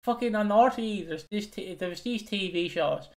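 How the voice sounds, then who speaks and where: A man's voice: high-pitched, normal speed. A young Irish man co-hosting a casual chat show, rambling and swearing with lots of fillers and giggles. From Ireland. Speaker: podcast co-host.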